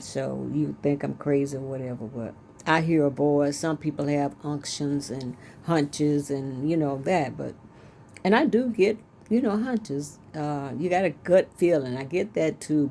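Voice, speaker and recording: In a casual storytelling monologue on her own show, an older host and author recounts life stories in a folksy, chatty manner and repeats herself. Her voice is low-pitched, creaky and dark, at normal speed with fairly even intonation, and there is slight background noise.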